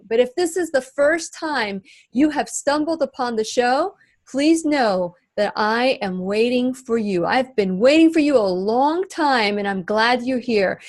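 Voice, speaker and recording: A woman hosting her own radio talk show, speaking in an earnest, slow and emphatic way. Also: fairly high pitch, a little mellow, no echo. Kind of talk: warm radio show chat.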